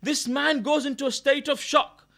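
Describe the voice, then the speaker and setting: A man's voice: extremely high pitch, fairly even intonation, normal speed, vocal fry, sharp tone. A man telling a moral story as a speaker at a religious mourning gathering, earnest and often correcting himself mid-sentence. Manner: earnest retelling with frequent self-corrections. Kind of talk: storytelling sermon. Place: gathering hall in London.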